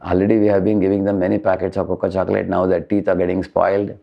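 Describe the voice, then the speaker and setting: A man as a calm sensible father. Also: deep voice, quick pace, creaky, highs cut off. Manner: calm and reasoning. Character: calm, sensible father guiding his family.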